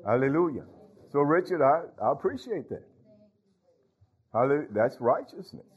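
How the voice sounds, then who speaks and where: A man's voice: fairly high pitch, very animated, moderate pace, slightly rough, dull audio. A man preaching a folksy sermon as pastor, talking straight to his congregation and dropping in hallelujahs. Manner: folksy, talks to congregation, frequent hallelujahs and laughs.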